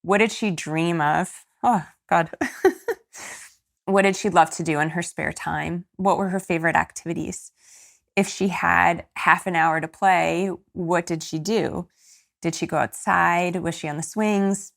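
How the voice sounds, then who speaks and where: A woman's voice: fairly low pitch, fairly even intonation, normal speed, gravelly, fairly bright tone. A woman in her thirties hosting a solo podcast, talking in an earnest, encouraging way that turns teary at times. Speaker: podcast host and coach. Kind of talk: casual solo podcast talk.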